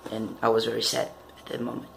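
A man's voice: fairly low pitch, completely flat delivery, quick pace, creaky, a little hiss or hum, poor audio. A man reacting live to a TV episode, gushing and swearing constantly, with the show's music playing behind him. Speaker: TV reaction vlogger.

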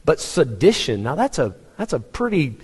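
A man's voice: a little high, very animated, moderate pace, darkish tone, breathy edge, long reverb tail. A man preaching a sermon as pastor, in a conversational way with dry humor. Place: church.

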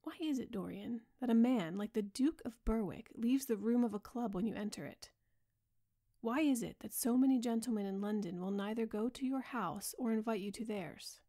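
A woman voicing a grave, earnest male painter in a soft bedtime audiobook reading. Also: fairly high pitch, normal speed. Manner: earnest, pleading, softly spoken.

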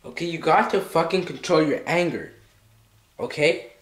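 A man's voice: on the high side, normal speed, roomy sound. A male vlogger in an agitated comedic skit, swearing a lot and stammering over his words. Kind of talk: comedic self-argument skit.

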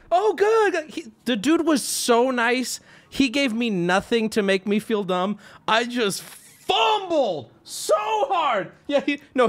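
A male streamer telling a story to his chat in a casual, animated way, laughing, swearing and acting out voices as he goes. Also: extremely high pitch.

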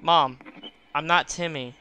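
A man's voice: a little high, steady tone, takes it slowly, bright, forceful tone, slight background noise. A man voicing an earnest young man visiting his sick mother, reading game dialogue aloud.

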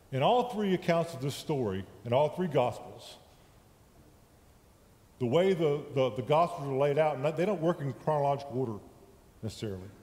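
In a church sanctuary, a man serving as lay preacher delivers a sermon in a conversational way, regularly checking in with those listening. He has a warm, fairly high-pitched voice, and the long reverb makes it sound like an echoey church hall.

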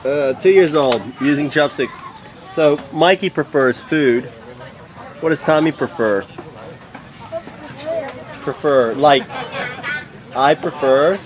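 A woman's voice: sits low, takes it slowly, pauses often, a faint crowd. A woman filming her small children at an outdoor water park on a handheld camera, cheering and coaxing them and mixing in Japanese words. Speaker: parent filming her kids. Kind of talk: home video narration. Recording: loud outdoor background noise.

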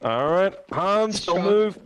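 A man's voice: high voice, lively intonation, takes it slowly. A man in game role-play voice chat, giving instructions and orders. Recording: noisy voice chat.

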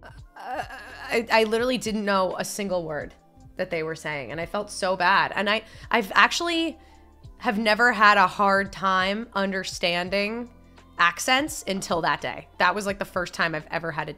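A woman's voice: medium pitch, normal speed, pushed and bright, faint music behind. A young woman, chatting casually as a streamer while gaming and reading chat. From upstate New York. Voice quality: nasal. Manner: chatty and rambling, with frequent filler words.

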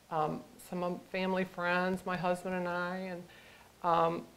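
Middle-aged woman, lowish voice, emotional personal testimony, halting, hushed at times. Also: low-quality recording. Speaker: guest speaker and author. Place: lecture room.

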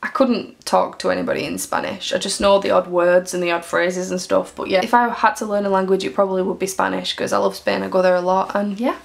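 A woman's voice: medium pitch, level tone, fast talker, vocal fry, hardly any pauses. A young woman from Greater Manchester with a Mancunian accent, chatting casually and giggling as she answers fan questions in a vlog. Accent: Mancunian English. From Greater Manchester, England. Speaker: YouTuber.

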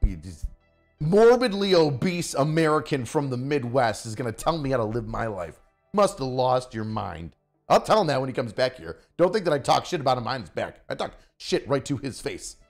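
A man hosting a casual stream, roasting his guest with loud mock-angry rants and heavy swearing. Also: mid-range voice, very animated, moderate pace, faint music behind. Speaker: podcast host.

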